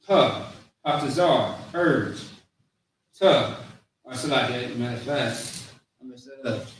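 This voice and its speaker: Slow-drilling man in an echoey room. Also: mid-range voice, fairly bright tone, a little hiss or hum. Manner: slow drilling, repeating each word with its meaning; informal, many fillers. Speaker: language teacher. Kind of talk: classroom lesson. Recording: very echoey room, distant mic, faint ambience.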